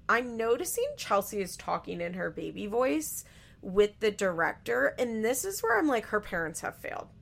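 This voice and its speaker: A woman's voice: lowish voice, creaky, a bit bright. A young adult woman hosting a show, giving blunt, profane commentary on a reality show in casual chat. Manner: blunt, profane and frank, with frequent fillers. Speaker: podcast host recapping a reality show.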